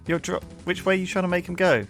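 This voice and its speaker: A man hosting a casual multiplayer game session, joking and bantering quickly with friends. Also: high-pitched, fairly bright tone, faint music behind. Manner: jokey, quick banter with swearing. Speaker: host. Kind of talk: casual multiplayer gaming chat.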